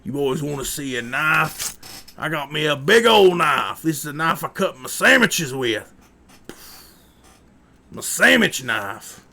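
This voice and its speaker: A man's voice: on the high side, big pitch swings, a little slow, creaky, pauses often, sharp tone, pitched above the performer's own voice, exaggerated voice. A man voicing a creepy, drawling stranger who leers while boasting about his knife. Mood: leering.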